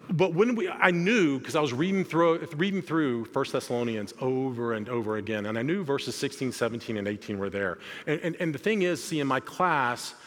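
A man preaching in a large church sanctuary, his voice trailing off into a long hall reverb. He talks in a relaxed, conversational way, stumbling over words and restarting his sentences. His pitch sits in the middle range. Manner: conversational, self-deprecating storytelling with frequent restarts. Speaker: guest preacher. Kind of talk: sermon.

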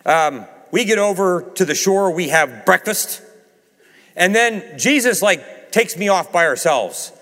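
A man preaching a sermon, swinging from raised emphasis to hushed low passages and acting out quoted dialogue. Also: animated, a little slow. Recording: reverberant hall.

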